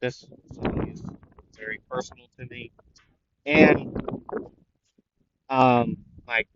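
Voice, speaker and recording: A shy, nervous teenage boy who speaks slowly and haltingly, with plenty of pauses and fillers, as a man puts him on. The recording is dull and lo-fi with a faint hiss. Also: mid-range voice, close to an everyday voice. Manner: hesitant, halting, many fillers.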